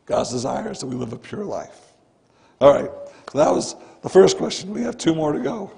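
Male pastor, earnest conversational sermon, mellow gravelly tone. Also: mid-range voice, expressive, moderate pace. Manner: earnest, conversational preaching, often starting with "listen". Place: church sanctuary.

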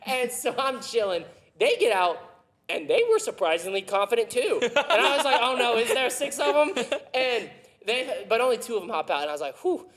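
A man's voice: very high-pitched, sing-song, a little fast, fairly bright tone. A young man, a podcast host, telling a story in casual chat, laughing often and acting out the voices of the people in it.

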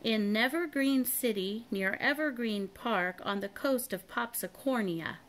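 A woman reading a storybook aloud, voicing a cheerful, brave little boy in a lifted, eager voice. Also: a little slow. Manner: bright and eager, lifted pitch.

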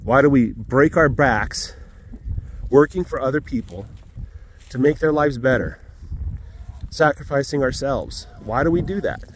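A man's voice: mid-range voice, lively intonation, a little hiss or hum. Earnest man giving a Sunday message outdoors. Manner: earnest, reflective, pauses with fillers and throat clearing. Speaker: farm vlogger. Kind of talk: casual Sunday morning message. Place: outdoors on a farm.

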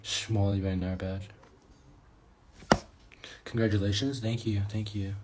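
A man's voice: lowish voice, little pitch movement, a little slow, very noisy. A man hosting a casual livestream, reading out fan comments and thanking viewers, sounding tired and yawning. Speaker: livestream host.

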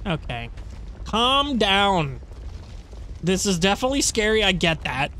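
A man's voice: sits high, very animated, measured pace, bright, forceful tone, slight background noise. A young man commentating casually on a horror game, rambling, laughing and swearing. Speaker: let's play host.

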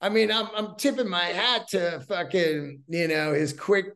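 A man's voice: high-pitched, measured pace, fairly bright tone. A man in his fifties hosting a casual solo podcast as a stand-up comedian, rambling through profane stories and acting out the dialogue. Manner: profane, rambling storyteller who acts out quoted dialogue.

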